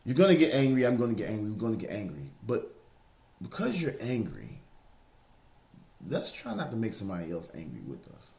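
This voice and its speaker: A man with a lowish voice talks through self-improvement in a relaxed, conversational way, circling back and repeating his key phrases. His faith comes up plainly as he encourages the listener. The recording has a roomy, echoey sound. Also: a little fast, gravelly. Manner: repetitive, conversational, drives points home by repeating phrases. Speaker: motivational speaker. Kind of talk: casual motivational talk.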